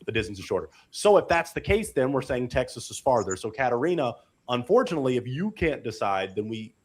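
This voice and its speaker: A man's voice: medium pitch, very animated, a little fast. A man hosting a live online dating show, playful and full of hype-man praise for the guests. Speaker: host.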